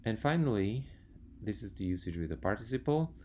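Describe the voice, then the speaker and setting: Deep-voiced man teaching grammar. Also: very animated, a little fast, warm tone, slight background noise. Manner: patient, methodical, lists words one by one. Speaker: language teacher. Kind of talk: slide lecture on grammar.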